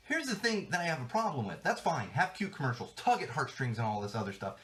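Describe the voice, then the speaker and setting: A man's voice: fairly high pitch, fairly bright tone. A man hosting a podcast, ranting in an exasperated, emphatic way and swearing often. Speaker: podcast host. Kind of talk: solo podcast rant. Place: studio.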